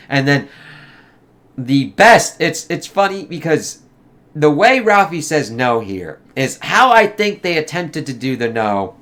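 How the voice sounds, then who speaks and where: A man's voice: fairly high pitch, big pitch swings, unhurried, fairly bright tone. A man giving a casual, rambling movie review, swearing freely and acting out quotes in a raised voice.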